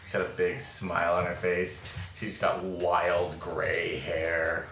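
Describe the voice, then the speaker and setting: A man narrates a tabletop role-playing scene as game master, pausing and restarting often. His voice sits low but has a bright edge. A roomy echo and faint hiss surround him. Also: completely flat delivery. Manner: halting, with many fillers and restarts.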